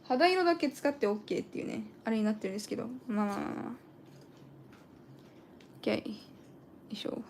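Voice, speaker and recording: Woman chatty artist streamer, higher voice. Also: lively intonation, rapid-fire, long pauses, a little mellow, a little hiss or hum. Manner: chatty, thinking aloud, switching between languages. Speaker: live-stream artist host. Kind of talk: casual live-stream chat while drawing.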